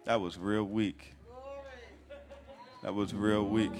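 A man's voice: lowish voice, steady tone, slow, long pauses, darkish tone, faint music behind. A male pastor preaching a sermon with a rhythmic, fervent litany and call-and-response.

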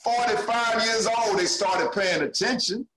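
A male comedian talking casually in a relaxed, encouraging way. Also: sits high, unhurried. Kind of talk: casual conversation. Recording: echoey room.

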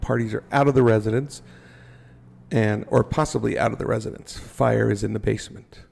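A middle-aged man telling a story on a podcast, animated and joking as he goes. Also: on the low side, brisk, gravelly, breathy edge. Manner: animated storyteller, jokey asides. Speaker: podcast guest. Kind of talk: casual storytelling.

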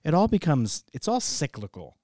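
A man's voice: on the high side, wildly swooping pitch, normal speed, a little mellow, no room sound, clean studio sound. A man co-hosting a podcast, joking and laughing in casual chat. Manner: jokey, laughs often.

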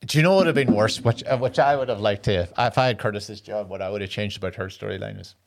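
A man's voice: on the low side, quick pace, gravelly. A man co-hosting a podcast, chatting casually about films and swearing often. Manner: crude, swearing, storytelling. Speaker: podcast co-host. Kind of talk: casual film chat.

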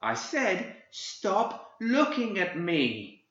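A man voicing a frightened small boy with wild magic, in a shrill, whiny tone, as a storybook reader. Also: big pitch swings, slow pace, pushed and bright, reverberant, muffled recording, heavily acted. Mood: shrieking.

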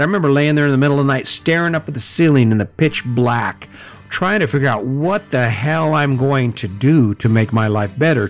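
A middle-aged man giving a high-energy, conversational motivational talk, often correcting himself mid-sentence. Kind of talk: motivational monologue.

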